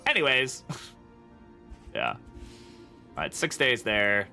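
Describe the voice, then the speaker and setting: Man, game streamer, chatty commentary, bright voice, faint music behind. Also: mid-range voice, wildly swooping pitch, slow pace, creaky, pauses often. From United Kingdom. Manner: chatty, thinking aloud, chuckling often. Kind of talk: casual gameplay commentary.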